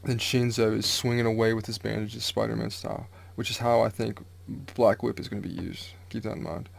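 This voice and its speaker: A man reacts live and casually to a manga chapter, reading the panels aloud. His fairly low, creaky voice runs a little fast, and he's excited, swearing freely and packing in filler words.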